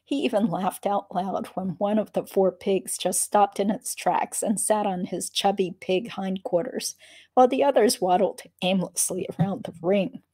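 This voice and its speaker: A woman's voice: mid-range voice, normal speed, warm tone. A woman reading a memoir aloud, breaking off for dry, wry asides between passages. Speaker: reader of a memoir.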